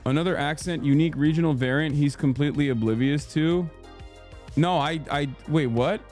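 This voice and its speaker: A man's voice: medium pitch, moderate pace, darkish tone, faint music behind. A man hosting a livestream, talking casually to his chat in a rambling, heated and jokey way. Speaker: livestream host.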